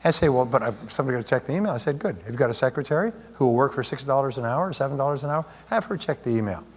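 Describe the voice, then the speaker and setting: A man's voice: medium pitch, animated, very fast, a little hiss or hum. A man giving a live seminar talk as a motivational speaker, conversational, with plenty of rhetorical questions. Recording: long hall reverb.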